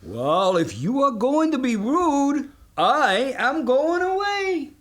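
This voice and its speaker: A man's voice: very high-pitched, very animated, slow pace, fairly bright tone, faint music behind, voice pushed up, exaggerated voice. A man voicing a breezy, easily offended male butterfly in a children's storybook. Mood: airy.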